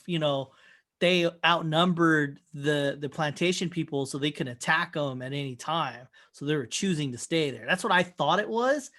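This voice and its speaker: A man's voice: on the high side, pushed and bright. A man co-hosting a casual podcast, rambling and swearing as he tells stories and acts out what people said. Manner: rambling, profane storyteller who acts out quotes. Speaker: podcast co-host. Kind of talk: casual chat. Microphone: remote call mic.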